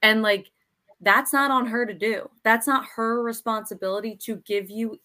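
A woman's voice: fairly high pitch, fairly even intonation, normal speed, pushed and bright. A woman guest on a friend's podcast who chats casually and emphatically, repeating points for stress. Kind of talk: casual chat.

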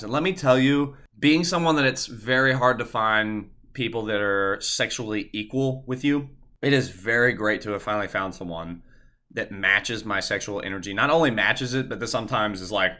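Bright-voiced young man, profane rambling story. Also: mid-range voice. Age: young adult. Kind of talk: casual storytelling.

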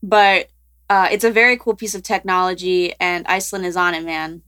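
A woman's voice: lowish voice, flat delivery, a little fast, a bit bright, clear, resonant tone. A young woman co-hosting a podcast in casual chat, giggly and full of filler words. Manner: chatty, giggly, lots of "like" and "um". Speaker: podcast co-host.

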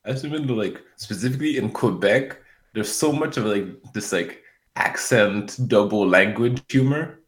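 A man's voice: fairly low pitch, moderate pace, roomy sound. A man in casual comedic conversation, laid-back, chuckling and making dry quips.

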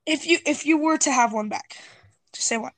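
A man's voice: very high voice, fairly quick, fairly bright tone, no room sound. A teenage boy co-hosting a podcast, teasing his friends with nosy questions and giggling. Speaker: podcast co-host. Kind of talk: casual chat.

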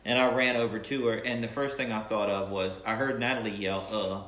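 A man's voice: medium pitch, brisk. Playful man in an echoey room. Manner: animated, playful retelling with acted-out quotes. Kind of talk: casual storytelling chat.

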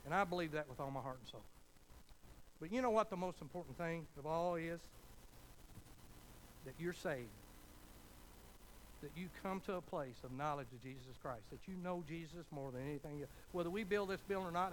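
A man's voice: fairly high pitch, a little hiss or hum, rough recording. A man preaching a sermon, telling a folksy story as pastor and building to fervent appeals.

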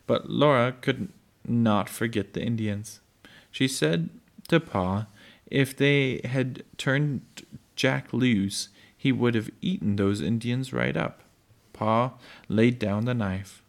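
A man reading a chapter book aloud to his children at bedtime, unhurried, with occasional slips and restarts. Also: mid-range voice, vocal fry.

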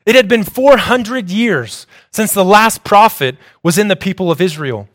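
A young man delivering a sermon, reading in a measured, explanatory way. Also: high voice, expressive. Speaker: preacher.

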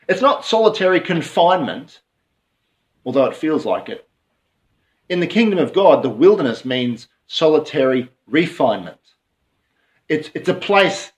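A man in Australia giving a reflective devotional sermon, often repeating and restarting his phrases. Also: on the high side. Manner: reflective, repeats and restarts phrases, speaks slowly at key points. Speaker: pastor.

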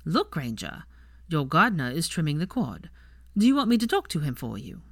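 A woman voicing an aloof young wizard with a dry, deadpan way of talking. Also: sits low, moderate pace, gravelly, slightly rough, dry recording, exaggerated voice. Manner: drawling, deadpan, teasing.

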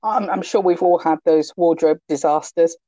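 A woman hosting an interview, asking calm leading questions. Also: lowish voice, moderate pace, dry recording. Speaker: host. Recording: dull, dry lo-fi audio.

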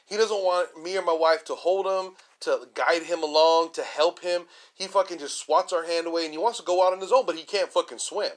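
A man's voice: fairly high pitch, fairly quick, few pauses. A man hosting a comedy podcast, ranting in a rambling way, swearing constantly and leaning on fillers like "you know" and "like". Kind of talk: casual profane rant. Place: lives in a large Texas city.

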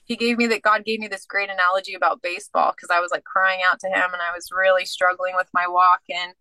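Bright-voiced woman telling her faith story. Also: on the low side, fast talker, dry recording, poor audio. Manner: animated storyteller who acts out dialogue. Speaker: guest. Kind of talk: casual faith testimony.

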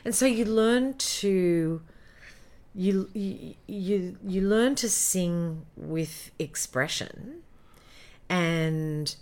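A middle-aged Australian woman, a former jingle singer, telling lively anecdotes in a casual interview and acting out the quotes. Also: lowish voice, extremely slow.

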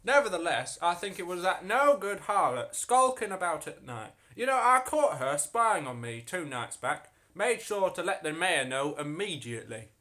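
A man's voice: sits high, sing-song, moderate pace, few pauses, bright, forceful tone, full character voice. A man doing a grumbling northern blacksmith. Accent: northern English. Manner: put-on villager voice, rambling.

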